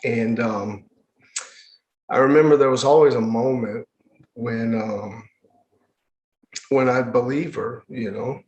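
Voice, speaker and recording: A man's voice: medium pitch, fairly even intonation, slow pace, long pauses, darkish tone, muffled recording. A man recounts his past as a podcast guest, earnest and reflective, often stopping and repeating himself mid-thought. His voice sits in a middle register. The room has a noticeable echo. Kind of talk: personal storytelling in an interview. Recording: echoey room.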